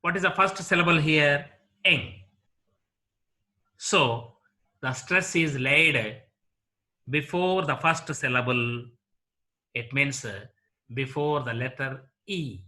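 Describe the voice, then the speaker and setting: A man teaching an English lesson on word stress, slowly and deliberately repeating example words one at a time. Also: fairly high pitch, sharp tone. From India. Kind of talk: classroom lecture on word stress.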